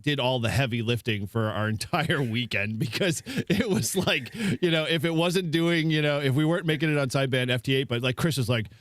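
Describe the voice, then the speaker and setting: A man's voice: medium pitch, brisk, few pauses, fairly bright tone, no room sound, clean studio sound. A man co-hosting a casual live stream chat, telling stories loosely with lots of fillers. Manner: rambling storytelling with many fillers and laughs.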